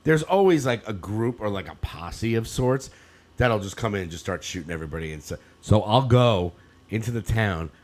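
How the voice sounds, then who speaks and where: A man's voice: lowish voice, animated, normal speed, a little mellow. A man in his fifties co-hosting a podcast, telling rambling stories in casual chat and laughing often. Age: 50s. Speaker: podcast co-host.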